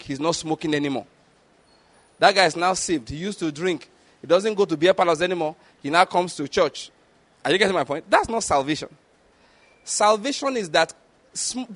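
A middle-aged man with a high voice preaches a sermon. He talks in an animated way, keeps checking that the listeners follow him, and acts out the quotes he tells. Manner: animated preaching with rhetorical questions and acted-out quotes.

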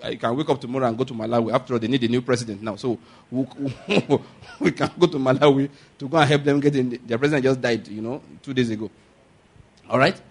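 A man's voice: medium pitch, fast talker, slightly rough. A man preaching a sermon, asking the congregation for amens and whether they follow. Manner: animated preaching with call-and-response questions. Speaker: pastor.

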